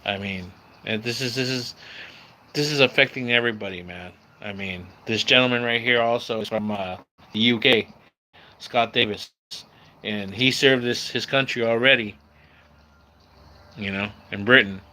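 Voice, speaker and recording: A man's voice: medium pitch, moderate pace, sharp tone. A man from San Diego, hosting a casual livestream and chatting with viewers in a laid-back way, calling everyone bro and dude. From San Diego, California. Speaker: livestream host. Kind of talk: casual live-stream chat with viewers. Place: at home near a screen door.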